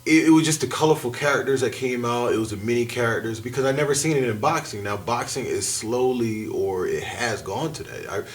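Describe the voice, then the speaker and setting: A man's voice: mid-range voice, brisk, few pauses. Chatty man talking wrestling. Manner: animated, laughs often, jumps between thoughts. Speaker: guest. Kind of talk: casual chat.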